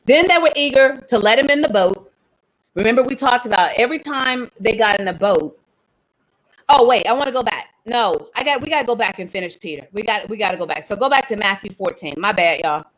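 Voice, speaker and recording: A woman teaching the Bible to an online audience in a chatty, animated way, thinking aloud and tossing in slang asides. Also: fairly high pitch, rough recording.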